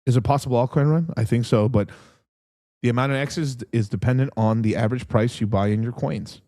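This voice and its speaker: A young man hosts a crypto livestream, chatting in a casual, rambling way, swearing constantly and growing excitable as he goes. His voice is medium-pitched and fairly quick.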